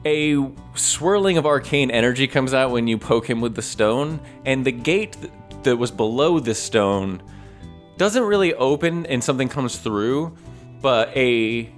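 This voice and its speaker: A man's voice: medium pitch, expressive, unhurried, soft background music. A man running a tabletop game as game master, narrating loosely with fillers and laughs.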